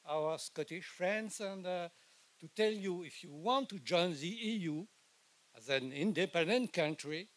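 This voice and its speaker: Hesitant older man, French accent. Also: sits high. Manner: hesitant, halting with many fillers. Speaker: rally speaker. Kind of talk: outdoor rally speech.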